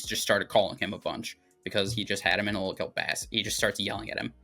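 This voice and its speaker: Rambling young man with a bright voice. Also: on the low side, steady tone, fast, vocal fry, few pauses, soft background music. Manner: rambling, filler-heavy, profane. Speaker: movie review podcast host. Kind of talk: casual movie recap.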